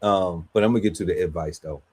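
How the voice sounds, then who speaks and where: A man's voice: sits low, fast talker, a little mellow, slightly rough. A man on a podcast panel telling a story in casual, slangy chat, laughing often and acting out quotes.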